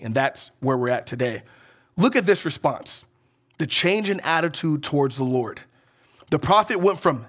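Preaching as pastor, this man sounds high, animated, and slightly rough at normal speed. He checks in often with "right?" and "okay?", moving between emphatic rises and soft drops.

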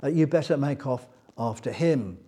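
A man voicing a group of flustered, shy young women in a Bible story retelling, talking in a hurried, stammering way. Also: medium pitch, expressive, dark tone, breathy edge.

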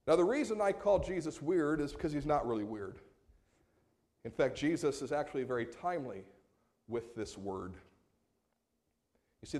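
A man preaching a sermon as pastor, moving between quiet, slowed passages and raised, emphatic appeals. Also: fairly high pitch.

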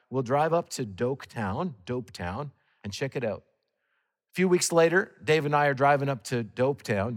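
Canadian man preaching in a reverberant hall. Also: mid-range voice. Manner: storytelling, animated swings between loud and hushed. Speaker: guest preacher. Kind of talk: sermon.

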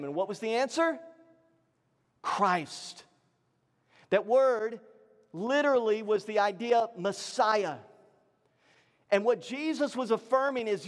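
A male pastor preaching a sermon, swinging between raised emphatic lines and low, hushed ones. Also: lively intonation, a little slow, pauses often, long reverb tail.

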